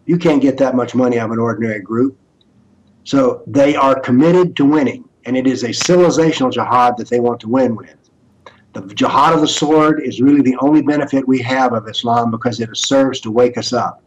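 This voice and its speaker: A man's voice: mid-range voice, fairly quick, muffled recording. An older man speaking as an interview guest, lecturing emphatically and asking rhetorical questions. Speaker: interview guest, author on political Islam.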